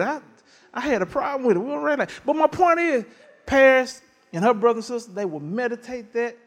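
Animated preacher man, high voice. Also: a little fast, pauses often, in a large hall. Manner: animated, folksy storytelling with laughter. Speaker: pastor. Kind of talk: sermon.

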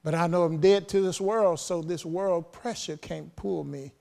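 A man's voice: a little high, measured pace, gravelly, warm tone. A man preaching a sermon with fervent call-and-response delivery and bursts of praise.

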